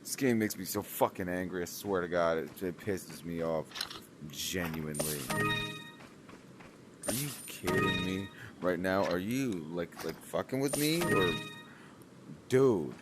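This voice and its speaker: A young man with a deep voice gives unhurried, casual gameplay commentary over background music. A gaming streamer, he swears a lot, talks to the game, and grumbles at it in frustration.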